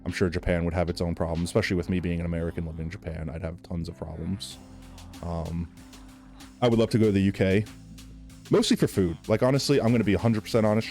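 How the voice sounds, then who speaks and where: A man's voice: fairly low pitch, darkish tone. A young man from New York with a slight Southern accent, chatting casually and rambling with lots of fillers while he streams a game. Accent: Southern US tinged. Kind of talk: casual chat while gaming.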